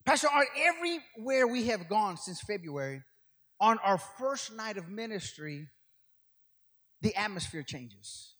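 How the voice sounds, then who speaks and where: High bright-voiced older preacher in a reverberant hall. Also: male voice, very animated, measured pace, breathy edge. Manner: rambling storytelling, rising to shouted preaching. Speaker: guest preacher. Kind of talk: sermon.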